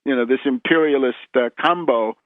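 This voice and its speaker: A man's voice: medium pitch, a little fast, no room sound. A man as a radio interview guest, explaining history in a lecturing way, often restarting words and tagging points with "right?". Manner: lecturing, with frequent word restarts and tag "right?". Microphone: phone. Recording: tinny phone line.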